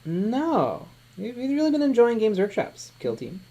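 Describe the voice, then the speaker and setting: A man's voice: sits high, wildly swooping pitch, unhurried, warm tone. A man co-hosting a live miniature-painting stream, chatting in an easygoing way and often murmuring agreement. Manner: easygoing, lots of agreeing "mm-hmm". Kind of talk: casual chat.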